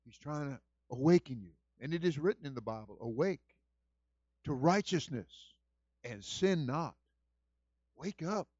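Male senior pastor, sermon delivery, repeats lines for emphasis, swings from hushed to loud. Dry, muffled recording. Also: high voice, no echo. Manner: swings from quiet storytelling to shouted exhortation.

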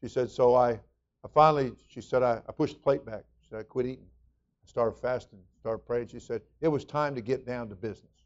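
A man's voice: mid-range voice, fairly quick, highs cut off. A man preaching a sermon as pastor, folksy and conversational with emphatic rising bursts.

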